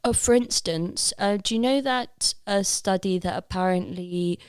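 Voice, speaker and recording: A woman's voice: mid-range voice, a little slow, smooth, no room sound, studio quality. A young woman from Leicester, England, chatting as a podcast guest, joking and free-associating with frequent laughs. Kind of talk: casual chat.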